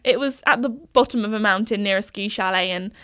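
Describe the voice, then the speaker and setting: A woman's voice: medium pitch, brisk, fairly bright tone. A young woman hosting a podcast, chatting casually in a rambling way and laughing often. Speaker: podcast host. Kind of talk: casual chat.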